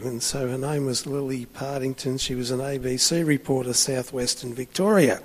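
A man's voice: medium pitch, a little slow, long reverb tail. A man preaching a sermon, telling a story in a chatty way with frequent restarts.

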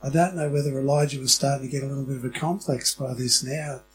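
A man's voice: mid-range voice, fairly even intonation, quick pace, music in the background, low-quality recording. Conversational preacher, man. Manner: conversational, asks the congregation questions. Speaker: pastor. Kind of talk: sermon.

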